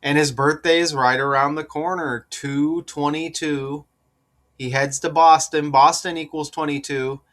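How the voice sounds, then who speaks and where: A man giving casual solo commentary on sports number patterns, repeating his points with rhetorical asides and growing more insistent. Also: a little high. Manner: slow, deliberate, rising to excited insistence.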